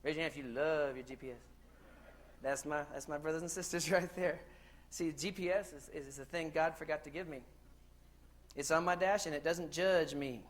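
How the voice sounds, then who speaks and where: A man's voice: on the high side, normal speed. Joking man giving a keynote talk. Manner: lively, joking storyteller who asks the crowd questions. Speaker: keynote speaker. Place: conference hall stage.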